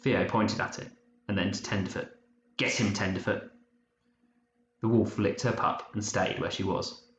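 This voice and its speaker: A man narrating an audiobook in a measured, even storytelling manner. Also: sits low, gravelly. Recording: muffled roomy recording, faint hiss.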